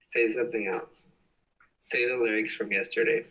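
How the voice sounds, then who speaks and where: A man's voice: on the low side, fairly even intonation, normal speed, bright, forceful tone, distant mic, low-quality recording. A young man hosting a casual livestream at home, reading comments and rambling with lots of giggles. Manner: giggly, rambling, frequent laughs. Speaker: livestream host.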